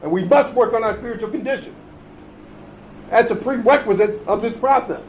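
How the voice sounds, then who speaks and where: A recovery conference speaker with a very high, fairly quick, slightly mellow voice delivers a blunt, emphatic talk laced with profanity, repeating his points and checking in with the room with "okay?" and "right?" The audio is poor, with slight background noise.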